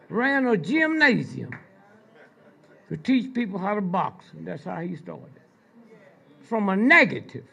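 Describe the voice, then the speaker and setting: Gravelly older man lecturing slowly. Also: high-pitched, fairly bright tone, dull audio. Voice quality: gravelly, husky. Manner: prods the audience with repeated "Hmm?" and "Huh?"; slow, drawn-out delivery with pointed pauses. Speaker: speaker addressing an audience. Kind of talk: storytelling lecture to a live audience.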